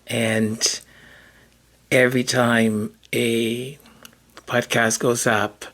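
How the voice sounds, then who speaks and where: A man's voice: mid-range voice, little pitch movement, drawn-out words, a bit bright. A man hosting a podcast in a casual, rambling, hesitant monologue. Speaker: podcast host.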